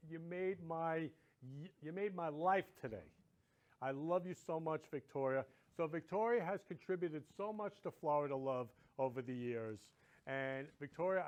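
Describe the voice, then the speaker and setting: Effusive middle-aged male host, a touch high-pitched, gushing monologue. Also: darkish tone. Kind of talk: casual monologue to viewers.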